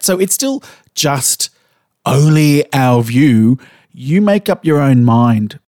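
A man's voice: fairly high pitch, darkish tone, no room sound, clean studio sound. A man co-hosting a podcast, chatting casually and making emphatic points, swearing freely. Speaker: podcast co-host. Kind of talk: casual chat.

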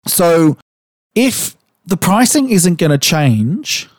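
A fairly high, animated and slightly mellow voice at moderate pace marks this Australian podcast co-host. He chats casually, probes with questions and swears occasionally, captured in studio quality with no room sound.

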